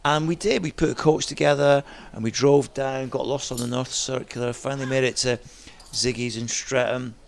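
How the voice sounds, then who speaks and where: A man, a DJ guest, telling lively stories in a chat and mimicking other people's voices as he goes. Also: medium pitch, normal speed, gravelly, hardly any pauses. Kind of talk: animated storytelling chat.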